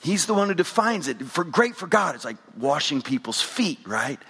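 A man with a notably high-pitched voice preaches a sermon to a live congregation, turning to the people in the pews with direct questions. His voice rings out with the long reverb of a large hall. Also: big pitch swings, moderate pace, gravelly, bright, forceful tone, slightly rough. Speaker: pastor. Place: church sanctuary with congregation.

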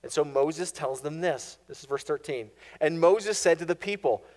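A male pastor preaching a sermon in an animated, storytelling way with touches of sarcastic humor. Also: a little high, normal speed.

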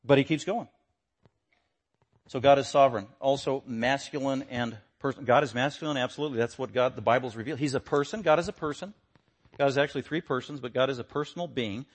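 A man preaching a sermon, emphatic, repeating short punchy phrases and swinging between loud declarations and quiet low asides. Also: fast, breathy edge.

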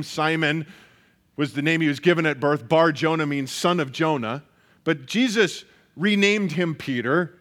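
A man's voice: on the high side, fairly bright tone. A man preaching a sermon, earnest and emphatic, often repeating phrases for weight. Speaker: pastor.

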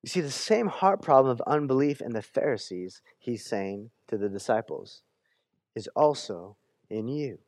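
A male pastor preaching a sermon in a conversational way, often restarting his words and giving the quoted scripture lively voices. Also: mid-range voice, moderate pace, hardly any pauses, no echo, studio quality.

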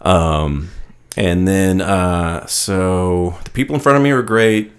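Deep-voiced rambling man co-host. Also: takes it slowly, clean tone. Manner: rambling storyteller, many restarts and asides. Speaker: podcast co-host. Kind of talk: casual chat. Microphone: studio microphone.

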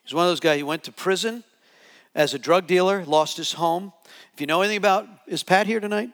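A man preaching a sermon to a live audience, telling a story with lively acted-out quotes. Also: high-pitched, brisk. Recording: long hall reverb.

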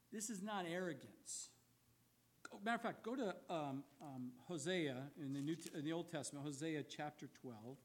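A male pastor preaching a sermon in a church, telling the story dramatically and swinging between loud emphatic bursts and quiet low asides. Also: a little hiss or hum.

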